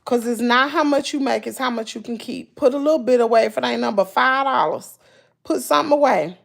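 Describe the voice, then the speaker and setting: A woman's voice: on the high side, fairly quick, creaky. A woman with a Southern US accent chatting casually to her livestream viewers, folksy and preachy, repeating herself for emphasis. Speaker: YouTuber talking to live chat.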